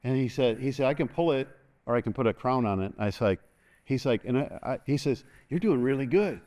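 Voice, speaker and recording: A man's voice: mid-range voice, animated, fairly quick, darkish tone. An older man preaching a sermon as pastor, folksy and joking, leading the congregation in call-and-response.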